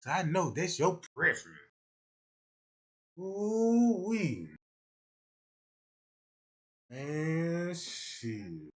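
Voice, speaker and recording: A man's voice: on the high side, big pitch swings, drawn-out words, long pauses. A young man rambling through a crude comic livestream rant, boastful and repeating "you know what I'm talking about.".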